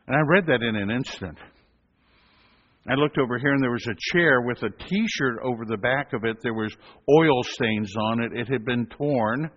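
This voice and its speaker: A man, a hospital chaplain, telling a story in an animated storytelling sermon and acting out voices. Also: mid-range voice, normal speed. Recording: echoey hall, dull lo-fi sound.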